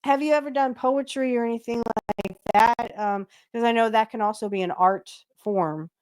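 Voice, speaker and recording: A chatty young woman from the northern U.S. who hosts a casual chat and breaks into laughter often. Her voice sits a little high, and she keeps a loose, animated flow. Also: moderate pace, smooth. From northern United States. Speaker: podcast host.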